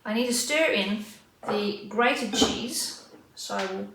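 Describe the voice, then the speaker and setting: Slow, chatty woman cooking in a roomy kitchen. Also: medium pitch, a bit bright. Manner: unhurried, chatty, talks while cooking and tasting. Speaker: cooking vlogger. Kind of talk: casual cooking vlog narration. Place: home kitchen. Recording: roomy, distant mic, faint kitchen noise.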